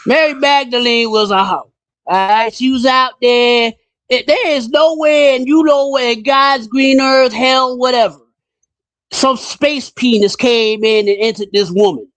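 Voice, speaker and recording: A man hosting a casual podcast chat, talking bluntly and in an animated way, his pitch jumping up when he gets riled. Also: no echo. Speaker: podcast host.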